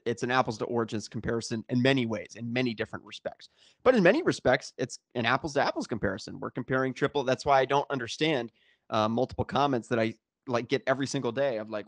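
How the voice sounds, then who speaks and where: A man's voice: mid-range voice, quick pace, no room sound. A man co-hosting a casual talk show, rambling with frequent restarts and sarcastic asides. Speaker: podcast co-host. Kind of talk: casual discussion.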